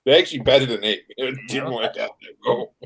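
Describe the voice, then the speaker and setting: A man's voice: mid-range voice, fairly quick, fairly bright tone, breathy edge, rough recording. A man telling stories and chuckling in a casual stream chat as a guest. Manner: friendly, chuckling storyteller.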